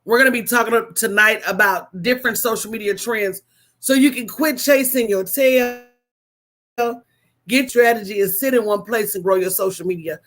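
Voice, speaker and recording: A woman hosting a casual livestream, telling stories in an animated, preachy way with call-and-response asides to her viewers. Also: on the high side, normal speed. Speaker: host.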